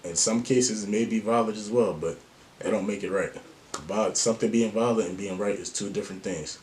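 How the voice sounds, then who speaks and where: A man's voice: on the low side, brisk, darkish tone, slight background noise. A man vlogging life advice in a slangy, earnest and open way. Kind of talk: casual to-camera talk.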